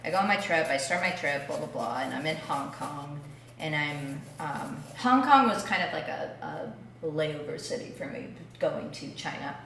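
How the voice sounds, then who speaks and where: A woman with a Southern Californian accent tells a story in a relaxed way, dry and sarcastic. Her voice sits a little low but sounds bright and forward. She is heard from some distance in a very echoey room, with faint ambience behind her. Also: normal speed, vocal fry, slight background noise. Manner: dry, sarcastic, animated when excited. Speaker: guest. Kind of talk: casual storytelling chat.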